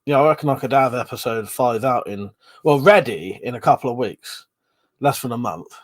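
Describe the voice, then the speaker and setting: This live stream host is a man with a medium-pitched, expressive voice and a moderate pace. He reads viewers' chat messages aloud, swears, and rambles chattily while yawning and running short of breath.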